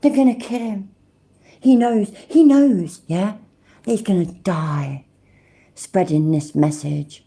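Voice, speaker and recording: Hosting a livestream, a British woman reacts bluntly and with plenty of swearing while talking to her chat in casual commentary. Her voice is fairly low, warm, gravelly, and steady, and she speaks slowly with frequent pauses.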